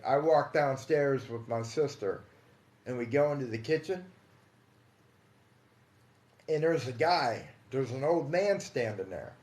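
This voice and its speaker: A man casually telling his own paranormal experiences on a livestream, calling his listeners guys and dude, hushed in some stretches and emphatic in others. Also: medium pitch. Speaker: paranormal storyteller. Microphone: phone or computer mic on a livestream. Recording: echoey room.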